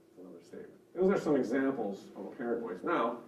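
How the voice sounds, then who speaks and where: A very animated, fast-talking man with a mid-range voice teaches a church seminar, earnest and conversational, using examples to explain. The audio comes through a microphone over a room speaker system in the seminar room, sounding roomy, distant, and dull with a little hiss or hum.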